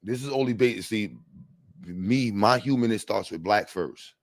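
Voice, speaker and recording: Slangy New man, low voice. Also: unhurried, no room sound. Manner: slangy, animated, laughs often, reads chat aloud. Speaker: livestream panel host. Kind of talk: casual livestream talk. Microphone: streaming mic.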